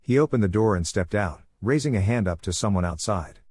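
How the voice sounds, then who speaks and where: A man's voice: on the low side, expressive, fairly quick, a little mellow, husky, dry recording. A man reading fan fiction aloud, narrating and voicing the dialogue with little character acting. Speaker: fanfiction reader.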